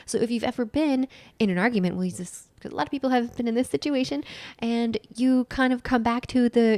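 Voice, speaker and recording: A woman's voice: on the high side, a little fast, few pauses, darkish tone, dry recording. A woman co-hosting a podcast, explaining ideas step by step in casual chat and repeating key phrases for emphasis. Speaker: podcast co-host and nutritional therapist.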